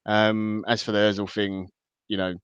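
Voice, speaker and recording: A man talking football as a podcast guest, measured and thinking aloud, over slightly dull call audio. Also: on the low side, flat delivery, clean tone, dry recording. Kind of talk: casual football analysis.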